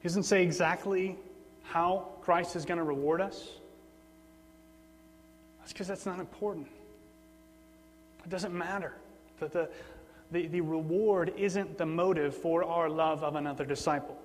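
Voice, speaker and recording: A man preaching a sermon in a relaxed, conversational way, often repeating words for emphasis. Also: on the high side, a little slow, pauses often, faint music behind. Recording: long hall reverb, faint mains hum.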